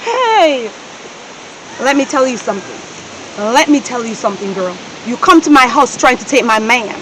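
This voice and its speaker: A woman playing a domineering Jamaican wife who looks down on everyone around her. Her voice sits on the high side and her lines are cutting scolds that flare into shouts. A steady hiss of noise runs under the recording. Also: normal speed, rough recording. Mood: contemptuous. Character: domineering, scornful wife and employer. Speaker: actor in a Jamaican stage-style movie.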